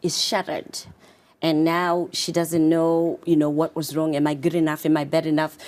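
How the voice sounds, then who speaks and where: A woman from Zimbabwe with a Zimbabwean accent, a confidence coach and author speaking as an interview guest, quick and animated with many fillers. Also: low voice. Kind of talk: casual interview talk.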